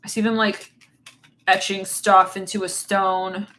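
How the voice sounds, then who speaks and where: A woman rambles through a tarot reading in a bright, forward voice, laughing at her own words and swearing without a filter. Her tone is casual and blunt. A faint hiss sits under the recording. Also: mid-range voice, little pitch movement, unhurried. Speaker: tarot reader.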